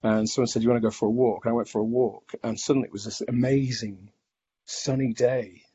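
A man telling his own story in a reflective, halting way, with many restarts and fillers. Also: mid-range voice, steady tone, warm tone, slightly rough. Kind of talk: personal testimony. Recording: dull lo-fi recording.

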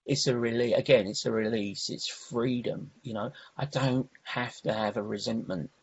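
A man's voice: medium pitch, steady tone, moderate pace, vocal fry, breathy edge, dull audio. A man sharing his recovery story at a meeting, rambling, with many restarts and "you know"s. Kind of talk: personal recovery share.

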